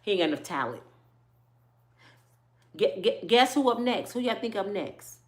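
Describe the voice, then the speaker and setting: Animated woman ranting celebrity gossip. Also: medium pitch, normal speed. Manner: animated, profane, quizzes viewers with rhetorical questions. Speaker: vlogger.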